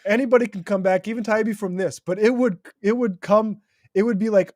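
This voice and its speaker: A man's voice: high voice, fairly even intonation, brisk, a little mellow, dry recording, clean studio sound. A man co-hosting a political podcast, talking bluntly and emphatically, swearing and laughing mid-sentence. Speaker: podcast co-host. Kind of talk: casual political chat.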